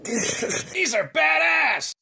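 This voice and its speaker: A man voicing a bratty, excitable kid in a comedy skit, yelling in drawn-out shrieks. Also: very high-pitched, vocal fry, background noise, exaggerated voice. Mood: shrieking. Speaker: skit character.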